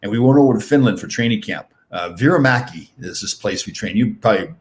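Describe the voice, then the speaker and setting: An older man in his sixties rattles off stories at a quick clip in a fairly low voice. He tells his anecdotes animatedly, stumbling over restarts. It's relaxed podcast chat. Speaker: podcast host and former pro hockey player. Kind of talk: casual storytelling chat.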